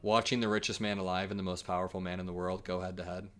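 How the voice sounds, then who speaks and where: A man hosting a livestream, reacting to clips and posts in an energetic, joking way and laughing often. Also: low-pitched, fast, over music. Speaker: political commentary streamer.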